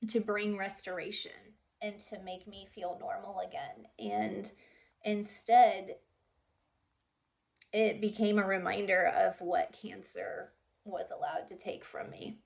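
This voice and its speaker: A young woman talking earnestly and haltingly about her own experience, with many pauses and fillers and some softly whispered words. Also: mid-range voice, vocal fry. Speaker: vlogger sharing her story. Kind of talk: emotional personal storytelling.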